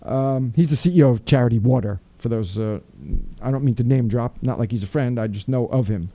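A man's voice: mid-range voice, brisk, mellow, dry recording. A man hosting a radio talk show, chatting casually in a playful, digressive way with frequent restarts.

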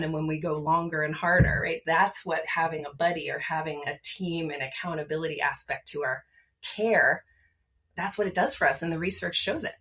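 Emphatic, energetic Maryland woman. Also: low-pitched. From Maryland, USA. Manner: energetic, emphatic, rhetorical "right?" asides. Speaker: guest, wellness advocate. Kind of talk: podcast conversation.

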